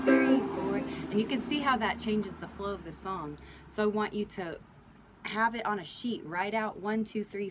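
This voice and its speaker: A woman giving a relaxed music lesson, explaining strum patterns and counting beats aloud. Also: medium pitch, rough recording. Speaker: ukulele and guitar teacher. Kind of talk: instructional lesson. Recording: ukulele playing loud under the voice.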